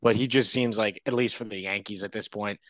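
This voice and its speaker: A man's voice: on the low side, steady tone, brisk, fairly bright tone, no room sound. A man appearing as a podcast guest, talking baseball in a tentative, hedging way. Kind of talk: casual sports chat.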